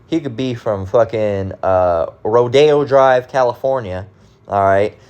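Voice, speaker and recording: A man's voice: medium pitch, a little slow, darkish tone, clean tone. A man giving a religious rant monologue, emphatic, repetitive and profane. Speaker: commentator.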